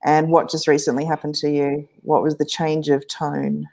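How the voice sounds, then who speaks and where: Low-voiced woman interviewer. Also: moderate pace, vocal fry. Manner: brief acknowledgements, relaxed questioning. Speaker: interviewer, host. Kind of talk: casual interview questions.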